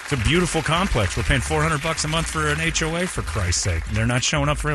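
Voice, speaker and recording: A male radio host, ranting and joking loudly in casual banter with his co-hosts. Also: a little high, animated, quick pace, hardly any pauses, music in the background, crowd noise.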